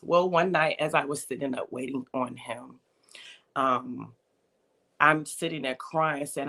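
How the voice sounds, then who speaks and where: Woman guest, gravelly tone, heartfelt storyteller. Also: rumbling low, moderate pace, a bit bright. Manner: emotional, storytelling, acts out quoted voices. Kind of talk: personal testimony in casual chat.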